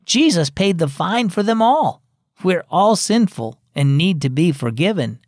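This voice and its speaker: A man's voice: high-pitched, big pitch swings, unhurried, a little mellow, dry recording, studio quality, pitched above the performer's own voice, full character voice. A man voicing an earnest, cheerful boy in a children's radio story, raising his voice for the part.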